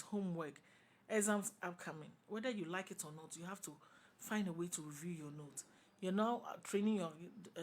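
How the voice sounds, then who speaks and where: A woman with a Ghanaian English accent, speaking as a talk show panelist in a passionate, opinionated discussion, forceful and repeating her points for emphasis. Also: fairly low pitch.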